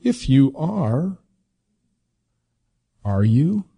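A man's voice: medium pitch, very animated, extremely slow, vocal fry, mellow, husky, full character voice. A male preacher voicing the devil as a sly male tempter who needles with mocking questions. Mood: taunting.

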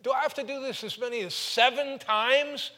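A preacher acting out an impulsive, excitable male fisherman apostle who blurts out his words. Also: extremely high pitch, moderate pace, long reverb tail, voice pushed up, exaggerated voice. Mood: pleading. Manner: blurting, eager.

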